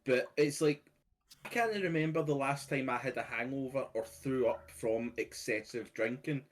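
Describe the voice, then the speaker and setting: Scottish man, 30s, podcast host, relaxed matter-of-fact chatter. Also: medium pitch, normal speed. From Scotland. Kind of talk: casual chat.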